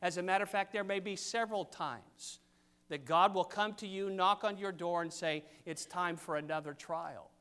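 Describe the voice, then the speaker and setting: An older man preaching a sermon, reading scripture and pressing his points with sudden loud stresses. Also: high-pitched, normal speed, clear, resonant tone. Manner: emphatic, pulpit cadence with sudden loud stresses.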